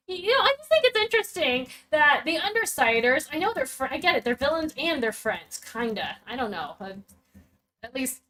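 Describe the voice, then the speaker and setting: Higher-voiced woman, chatty and animated. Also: low-quality recording. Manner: rambling, animated, swears casually. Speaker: stream host reacting to a web serial. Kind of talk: casual reaction chat.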